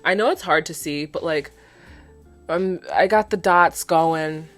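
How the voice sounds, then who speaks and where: A woman's voice: low-pitched, measured pace, fairly bright tone, soft background music. A young woman vlogger, chatty and slangy, who laughs often as she recaps a cartoon while doing her makeup. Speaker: beauty vlogger.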